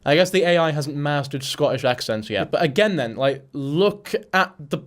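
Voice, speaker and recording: A man's voice: a little high, lively intonation, normal speed. A man making a casual commentary video, talking bluntly and swearing often, sounding exasperated. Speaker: commentary creator.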